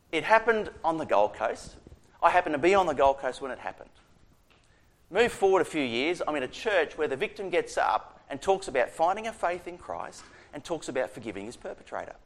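A man's voice: on the high side, moderate pace. A middle-aged Australian man, a prison chaplain, telling a personal faith story in a conversational way, acting out the dialogue. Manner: conversational, animated retelling with quoted dialogue. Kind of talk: storytelling testimony.

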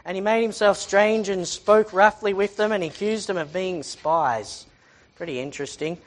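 A woman's voice: medium pitch, moderate pace. A woman who teaches the Bible in a chatty way, asking rhetorical questions and reading scripture aloud.

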